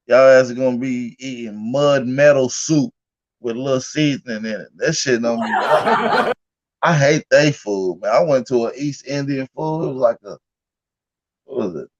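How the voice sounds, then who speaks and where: A man's voice: medium pitch, normal speed, highs cut off. A man hosting a casual livestream, telling stories in a loose, profane, laughing way. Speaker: livestream host.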